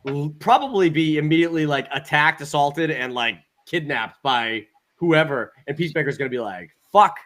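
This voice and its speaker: A man co-hosting a casual review podcast, excitable and laughing often, swearing freely. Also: fairly high pitch, normal speed. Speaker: podcast co-host.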